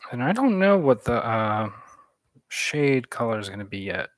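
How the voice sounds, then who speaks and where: A man's voice: mid-range voice, very animated, normal speed, no room sound. Musing man thinking aloud, dry sound. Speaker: artist streaming his painting. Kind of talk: casual live-stream chat while painting.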